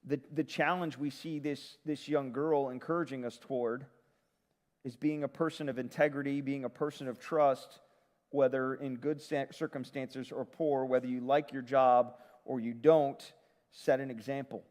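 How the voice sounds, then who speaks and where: A man preaching a sermon as pastor, retelling a story in a conversational, lively way. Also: medium pitch, normal speed, in a large hall.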